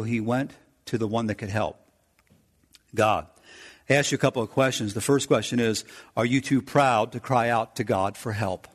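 A middle-aged male pastor delivers a fervent sermon in a high voice, rising to urgent pleas and then dropping to hushed, low lines. His words ring out with the long reverb of a church sanctuary. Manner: fervent preaching with big swings from loud to hushed.

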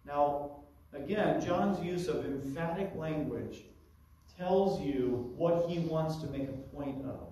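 A man with a fairly high voice preaches through a scripture passage, stopping often for asides. He sounds distant from the mic in a very echoey room. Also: slow pace, mellow, slight background noise. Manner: teaching verse by verse with asides. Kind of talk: expository sermon.

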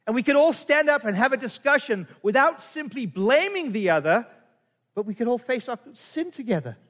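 High-voiced pastor preaching in reverberant hall. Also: male voice, big pitch swings, normal speed, a bit bright. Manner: conversational, asks the congregation many rhetorical questions. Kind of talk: sermon. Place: church.

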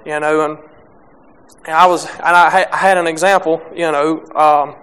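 Halting young preacher, smooth voice. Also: male voice, on the high side, fairly even intonation, a bit bright. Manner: halting, many restarts and fillers. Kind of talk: sermon.

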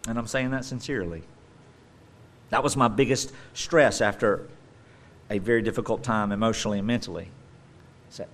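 A male preacher giving a sermon, animated and emphatic, with playful joking asides. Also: on the low side, brisk, pauses often, slight background noise.

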